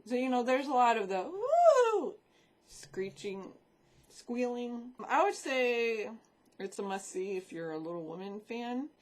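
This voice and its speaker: A woman's voice: a little high, unhurried. A woman vlogging in a casual, rambling chat about films and shows she watched, swearing freely as she talks into a desk microphone.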